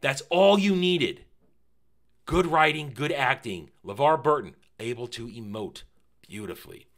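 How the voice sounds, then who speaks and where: Male reviewer, casual and emphatic, with a bright, forward tone. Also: mid-range voice, unhurried. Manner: animated and emphatic, fond of repeating phrases; casual, with mild swearing. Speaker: TV series reviewer.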